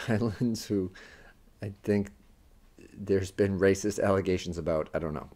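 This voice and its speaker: A man's voice: sits low, darkish tone. A man co-hosting a casual movie-recap podcast, bantering in a dry, joking, slightly defensive way. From United States. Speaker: podcast co-host. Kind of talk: casual chat.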